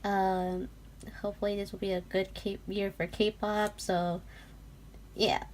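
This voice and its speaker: A young woman vlogger chatting casually through an unboxing, gushing and giggling, often dropping to a soft whisper. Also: medium pitch, flat delivery, slow.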